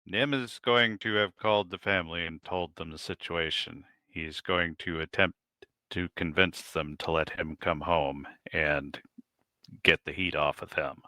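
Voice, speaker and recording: A man's voice: low-pitched, a little slow, pushed and bright, no room sound, clean studio sound. A man explaining his character's plans as a player in a tabletop game, matter-of-fact.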